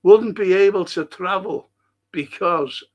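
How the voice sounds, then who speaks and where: A man with a Liverpool accent hosts a fan live stream, rambling through viewer comments, swearing freely, and laughing at his own stories. He speaks slowly in a high, darkish voice, and the audio sounds dull.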